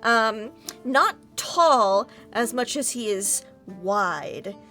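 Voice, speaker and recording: Woman game master, rambling and casual, high-ish voice, faint guitar music. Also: animated, extremely slow, bright, forceful tone. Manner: loose, rambling with many fillers. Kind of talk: narrating a tabletop game.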